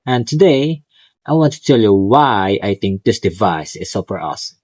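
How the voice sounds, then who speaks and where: A man's voice: on the low side, big pitch swings, normal speed, darkish tone, dry recording. A male student vlogger casually and eagerly talking through his home tech, with small slips and restarts. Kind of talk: casual tech vlog talk. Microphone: clip-on wireless mic.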